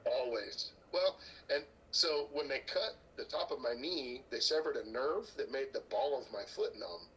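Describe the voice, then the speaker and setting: A man's voice: medium pitch, measured pace, slight background noise, poor audio. A middle-aged man, a strongman athlete guesting on a podcast, telling stories casually, acting out other people's lines and swearing freely. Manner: animated storyteller who acts out other people's lines; swears casually, laughs at his own stories. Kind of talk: casual storytelling chat.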